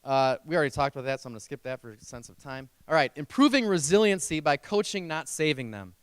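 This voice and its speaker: A man's voice: fairly high pitch, expressive, fast talker, clean tone, dry recording. A man who teaches speech, giving a motivational keynote to parents and telling stories in an earnest, emotional and emphatic way.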